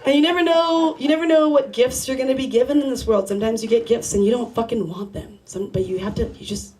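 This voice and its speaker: A woman's voice: on the high side, quick pace, darkish tone. A young woman doing a stand-up comedy set at a bar open mic, rambling and profane as she chats with the crowd. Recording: live crowd noise. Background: audience laughter.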